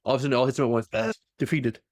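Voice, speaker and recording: A man's voice: mid-range voice, little pitch movement, rapid-fire, a little mellow, dry recording, studio quality. A young man co-hosting a podcast, casually retelling a story and acting out the quoted lines in funny voices. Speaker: podcast co-host.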